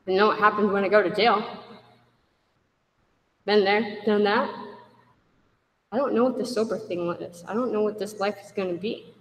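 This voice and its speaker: Woman sharing her recovery story in a hall. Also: mid-range voice. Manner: candid, animated, acts out dialogue with raised voice. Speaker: speaker at a recovery meeting. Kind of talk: personal recovery story told to a group. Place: meeting room. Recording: echoey hall from far off.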